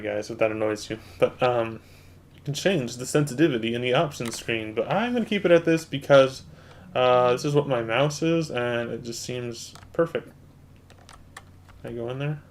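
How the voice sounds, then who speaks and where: A man hosts a relaxed let's-play at his home computer, walking viewers through the controls in an easygoing, mid-range voice. He talks straight to his audience as he plays. Keyboard clicks sit behind his voice. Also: medium pitch. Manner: chatty, explains controls, talks to viewers as guys. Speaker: gaming channel host. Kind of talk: casual let's-play commentary.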